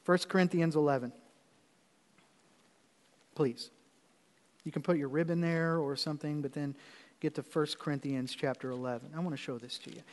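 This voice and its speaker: A man's voice: a little high, steady tone, moderate pace, pauses often, in a large hall. A man preaching as pastor, telling a personal story in a conversational way with repeated phrases before moving into the sermon.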